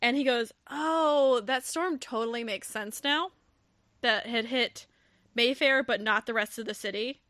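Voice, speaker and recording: A woman's voice: a little high, a little slow, no echo. A woman hosting a podcast, casually recapping a novel and acting out the characters' lines with laughter and swearing. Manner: animated storytelling, acts out quotes, swears and laughs. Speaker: podcast host. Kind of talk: casual book recap chat.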